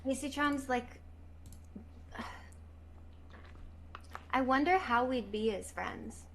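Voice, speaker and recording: A woman's voice: high-pitched, slow pace, a little hiss or hum. A young woman chatting casually as a guest on a livestream, rambling and gushing, with restarts and fillers. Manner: rambling, gushing, puts on a pleading baby voice at times. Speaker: stream guest. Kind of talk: casual stream chat.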